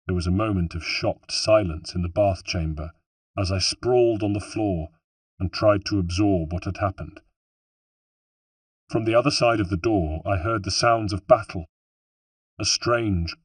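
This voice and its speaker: Man, low voice, husky, measured first-person narration, dry sound, a bit off-mic. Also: no echo, recorded from a distance. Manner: measured, somber storytelling. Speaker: audiobook narrator.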